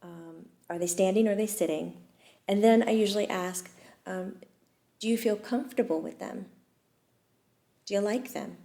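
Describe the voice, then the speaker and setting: A woman host chatting casually about her own experiences. Her talk is relaxed and lively, broken up by quick laughs and small pauses. Her voice sits at an everyday middle pitch. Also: creaky. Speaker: host and medium. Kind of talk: casual storytelling chat.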